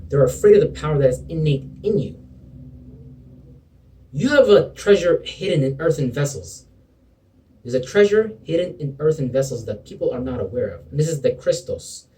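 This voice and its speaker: A man's voice: on the high side, big pitch swings, normal speed, mellow, distant mic, low-quality recording. A man giving an impassioned spiritual pep talk to camera, preachy and sometimes sarcastic, calling the listener bro and man. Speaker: motivational video preacher.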